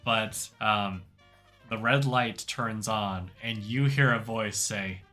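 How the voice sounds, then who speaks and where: A male game master narrating an improvised tabletop game in a loose, filler-heavy way. He talks slowly with a bright, forward tone. Faint music plays behind him. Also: on the low side. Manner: loose, relaxed, lots of fillers.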